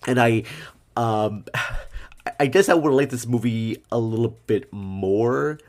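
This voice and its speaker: A man talking casually about a film in a rambling podcast chat, with lively asides. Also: medium pitch, slow pace. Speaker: podcast guest.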